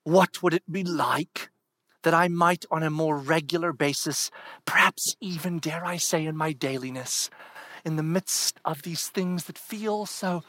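Brief: male preacher, dramatic sermon delivery, unhurried, hushed-to-booming swings, dry room. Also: no echo. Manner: swings from hushed whispers to loud, soaring declarations; dramatic scripture reading. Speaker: pastor.

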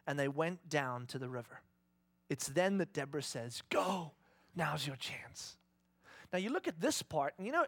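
A male pastor preaching a sermon, telling a story in an animated way and asking the congregation questions. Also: high-pitched, no echo, clean studio sound.

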